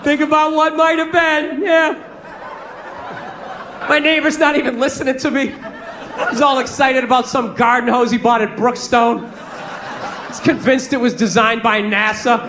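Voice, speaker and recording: A man's voice: very high voice, little pitch movement, normal speed, pauses often, noisy background. A man in his forties doing a stand-up comedy routine on stage, ranting and swearing with exasperation. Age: 40s. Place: comedy stage before a live audience. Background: faint audience laughter.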